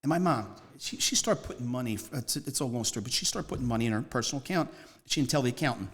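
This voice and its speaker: A man, speaking at a mid-range pitch for a man. He tells his story as a guest in a loose, rambling way, leaning hard on key words and hopping from one anecdote to the next. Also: animated, fast talker. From Northeast Philadelphia. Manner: rambling, emphatic, jumps between stories. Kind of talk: casual storytelling interview.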